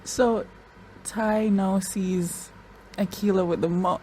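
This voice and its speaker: A woman's voice: mid-range voice, fairly even intonation, slow, dark tone, a little hiss or hum, low-quality recording. A woman giving casual reaction commentary on a TV episode, chatty and talking straight to the characters, with frequent restarts and repeated words. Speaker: show reaction YouTuber.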